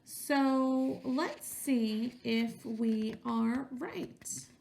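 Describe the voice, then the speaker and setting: A woman's voice: a little high, drawn-out words, gravelly, darkish tone, a little hiss or hum. A woman teacher reading a picture book aloud to young children, stopping to ask questions and using voices for the characters.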